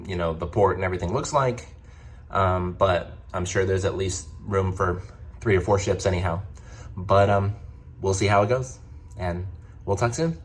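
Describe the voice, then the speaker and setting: A man with a slightly low voice talks casually to his camera as a travel vlogger. His speech rambles along, full of fillers and false starts, from a hotel. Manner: rambling, many fillers and restarts.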